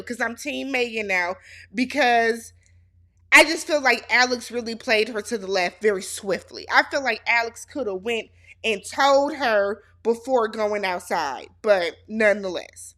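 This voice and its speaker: A woman's voice: fairly high pitch, a little slow, fairly bright tone. Sassy woman recapping reality TV. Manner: sassy, talks straight to the show's cast. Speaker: reality show recap host. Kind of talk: casual show recap commentary.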